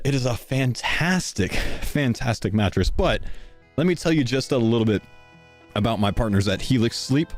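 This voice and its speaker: A man's voice: medium pitch, no echo, studio quality. A young man live-streaming a sponsor read, out of breath and chatting casually to his viewers. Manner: casual, chatty, talks to chat.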